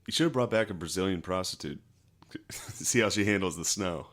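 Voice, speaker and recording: A man's voice: deep voice, normal speed, a bit bright. A man joking profanely on a podcast, riffing on stories and doing mocking accents. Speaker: podcast co-host. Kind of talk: casual podcast chat.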